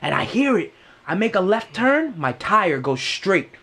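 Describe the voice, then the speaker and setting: A man's voice: high-pitched, unhurried. A young man from Queens, New York, telling car stories in a casual, profane podcast chat and acting out the sounds. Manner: animated, profane, acts out sounds and voices. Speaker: podcast co-host.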